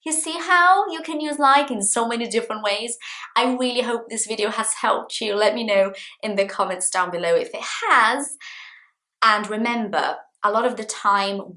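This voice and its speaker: A woman teaching an English lesson to camera, repeating example phrases slowly with lively, acted intonation. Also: mid-range voice. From Brazil. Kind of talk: friendly language lesson to camera.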